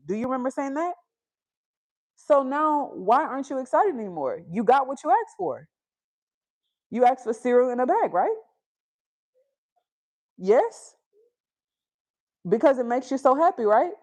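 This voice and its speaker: A woman's voice: medium pitch, animated, normal speed, long pauses, darkish tone. Young mom livestreaming from home, chatty, keeps stopping to talk to her toddler. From Houston, Texas. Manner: chatty, breaks off to coax and scold her toddler. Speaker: livestream host. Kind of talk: casual livestream chat. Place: busy family home with children.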